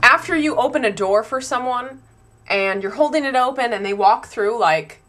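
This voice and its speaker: A young woman venting her pet peeves in a casual home vlog, exasperated and animated, with frequent ums. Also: fairly high pitch, normal speed. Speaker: vlogger.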